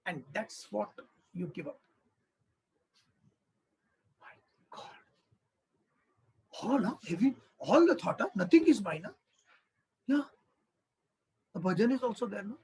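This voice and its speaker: Animated man giving a scripture talk. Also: high voice, unhurried, gravelly, long pauses, slightly rough, rough recording. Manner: animated, acts out little dialogues, rhetorical questions. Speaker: spiritual teacher. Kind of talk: discourse lecture on scripture.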